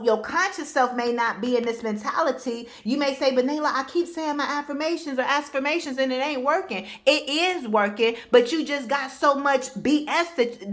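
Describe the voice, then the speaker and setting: Higher-voiced woman coach giving a pep talk straight to you, blunt and emphatic. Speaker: spiritual life coach. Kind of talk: casual motivational talk.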